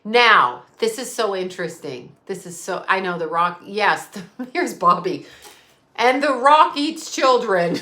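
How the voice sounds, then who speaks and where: A woman's voice: mid-range voice, expressive, slow pace, pushed and bright. A middle-aged woman ranting on an unscripted live stream, blunt, profane and sarcastic. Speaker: psychic medium live streamer.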